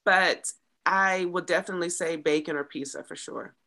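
A woman triathlete guest in a casual interview, animated and laughing easily. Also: on the low side, normal speed. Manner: animated, laughs easily, swings loud to soft.

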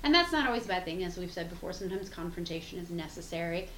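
A woman's voice: lowish voice, animated, fast talker, a bit bright. Frank, chatty woman in a roomy space. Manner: frank, reflective, laughs easily, swears casually. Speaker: podcast co-host. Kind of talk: casual conversational chat. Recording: roomy sound with faint background hum.

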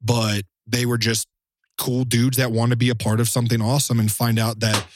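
A man's voice: mid-range voice, flat delivery, brisk, background noise. A man, a knife maker, telling a long story in casual podcast chat, acting out the quotes and swearing now and then.

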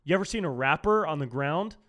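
A man's voice: fairly high pitch, lively intonation, quick pace, fairly bright tone. A man hosting a solo podcast, ranting sarcastically and saying dude a lot. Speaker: podcast host.

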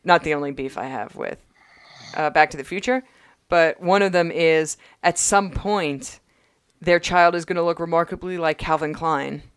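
A woman co-hosting a podcast, recapping an episode in casual chat with wry, quick asides. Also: low voice, clear, resonant tone, dry recording. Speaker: podcast co-host.

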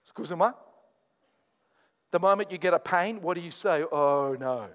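A man preaching a sermon as pastor, swinging from quiet asides to loud, animated bursts and mock prayers. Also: sits high, moderate pace, in a large hall.

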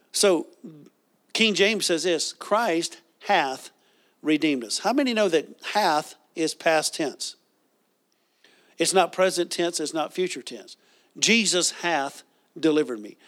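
Man, preacher, sermon, higher pitched voice, animated call-and-response.

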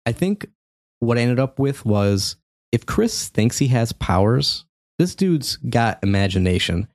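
A man in his forties casually recapping a video game for a podcast, telling the story with animated energy and frequent laughter. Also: medium pitch, measured pace, no room sound, clean studio sound. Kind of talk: casual chat.

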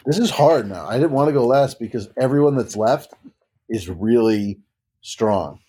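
A man's voice: mid-range voice, expressive, normal speed, warm tone, breathy edge. A man in a casual podcast chat, thinking aloud hesitantly as he makes a pick.

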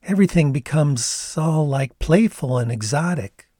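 A man's voice: a little high, lively intonation, unhurried, dark tone, dry recording, clean studio sound. A man voicing a laid-back young woman backpacker with a Canadian accent, in an easygoing, dreamy drawl.

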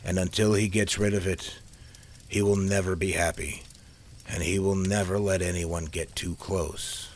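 A man with a low voice reading the lines of a wise older man who speaks slowly and solemnly. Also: fairly even intonation, slight background noise.

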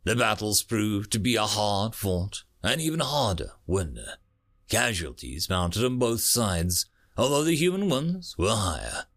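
Lively male audiobook narrator. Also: a little slow. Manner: expressive reading with lively pitch. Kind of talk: story narration.

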